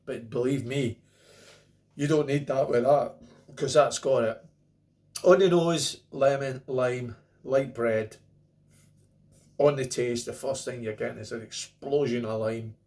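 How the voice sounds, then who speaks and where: A man's voice: medium pitch, measured pace, long pauses, a little mellow. A middle-aged man with a Scottish accent talks his way through a beer review to camera. He is chatty and rambling, tossing in jokey asides as he goes. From Scotland. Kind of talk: casual beer review monologue.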